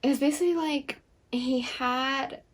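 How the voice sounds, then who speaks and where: A woman's voice: sits high, steady tone, a little slow, a little hiss or hum. A young woman co-hosting a book vlog, chatting casually with lots of fillers and frequent laughs. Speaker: book vlogger co-host. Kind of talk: casual chat.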